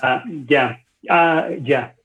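A man in his forties from Venezuela, a podcast guest speaking slowly and hesitantly with many fillers. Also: mid-range voice, fairly bright tone. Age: 40s. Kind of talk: casual interview conversation. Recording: dull lo-fi recording.

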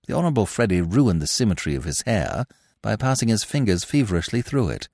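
A man narrating a classic story with an expressive reading. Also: deep voice, quick pace, no echo, clean studio sound. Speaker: podcast narrator. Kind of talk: scripted narration.

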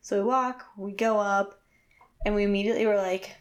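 A woman in casual conversation, rambling through a story with many fillers and animated quotes. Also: medium pitch, fairly quick. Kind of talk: casual chat.

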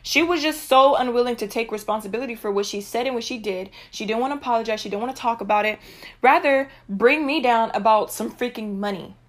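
A young woman telling a personal story on a vlog, venting in an animated, emphatic way. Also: a little high, fast. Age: young adult. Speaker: vlogger.

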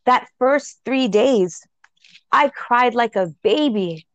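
A woman's voice: fairly high pitch, expressive, takes it slowly, no room sound, dull audio. A woman hosting a casual spiritual podcast, telling heartfelt stories and laughing often. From Jamaica. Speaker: podcast host.

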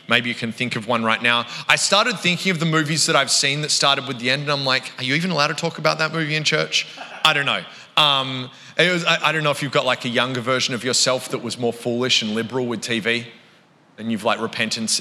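A man's voice: mid-range voice, pushed and bright. A man with an Australian accent preaching a sermon as a guest speaker, chatty and joking at his own expense. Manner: chatty, joking, self-deprecating. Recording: reverberant church hall.

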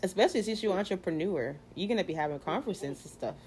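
A woman's voice: fairly low pitch, animated, fast talker, darkish tone, a little hiss or hum. A woman hosting a casual faith chat, talking in a chatty, playful way with many fillers. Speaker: podcast host.

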